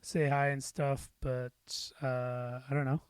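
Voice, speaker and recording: A middle-aged man talks through a casual solo podcast at an unhurried, drawn-out pace. He rambles and pokes fun at himself, dropping in plenty of "uh"s and a few swear words. His voice sits close and dry, with hardly any room around it. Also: mid-range voice, little pitch movement, smooth, no room sound. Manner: rambling and self-deprecating, with frequent fillers and swearing. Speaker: podcast host.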